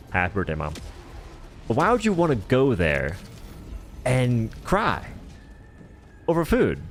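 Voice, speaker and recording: A man's voice: medium pitch, slight background noise. A man streaming a game live, rambling and joking in casual chatter as he answers viewers' chat.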